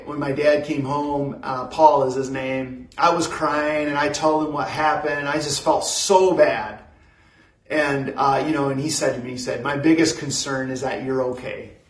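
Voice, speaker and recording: A man preaching a sermon in a slow, measured way, repeating phrases and pausing often. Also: mid-range voice, steady tone, reverberant, recorded from a distance, rough recording. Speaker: pastor.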